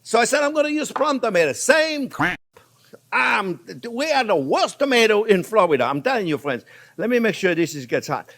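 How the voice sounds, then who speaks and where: A man from Provence with a French accent, hosting a chatty, animated cooking demonstration in his kitchen and talking to viewers as friends. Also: high voice, moderate pace. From Provence, France. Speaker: cooking show host. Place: home kitchen in Florida.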